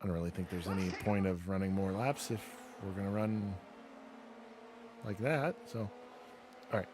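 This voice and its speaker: A man's voice: sits low, steady tone, moderate pace, background noise. A man streaming a dirt racing game, talking casually and wryly through results and car setup, mocking himself as he goes. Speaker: gaming streamer. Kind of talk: casual live gameplay commentary.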